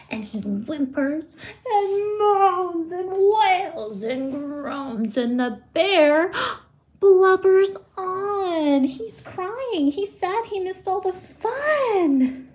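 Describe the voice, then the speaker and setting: Woman preschool teacher, picture book read-aloud, very slow, high voice, animated with sound effects.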